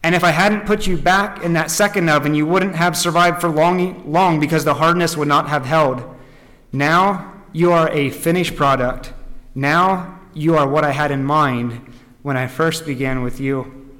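A man playing a patient master potter who explains things quietly and gently. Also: fairly high pitch, steady tone, unhurried. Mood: gentle. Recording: echoey hall.

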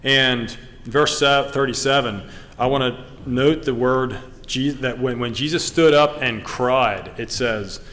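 A man preaching a sermon, earnest and halting, with frequent ums and restarts, reading scripture aloud. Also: mid-range voice, fairly bright tone. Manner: reads scripture in King James wording. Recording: long reverb of a hall.

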